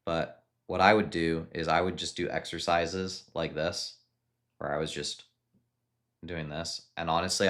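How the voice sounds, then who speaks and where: A man with a very deep voice reads viewer questions off a live chat and answers each one in turn. He talks in a loose, unhurried way, often stopping and restarting a sentence before he gets it out. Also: a bit bright. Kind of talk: casual live-stream chat.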